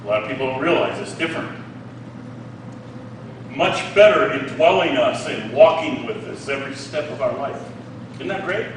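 A man preaching a sermon, reading scripture and explaining it with animated asides, often asking "Okay?". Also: medium pitch, normal speed, long pauses, heavy reverb, far from the mic, noisy background.

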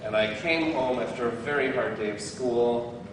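A man with a mid-range voice speaks at normal speed as a guest preacher, candid and self-deprecating, breaking into bursts of laughter. He's heard from some distance in a very echoey hall, with slight background noise.

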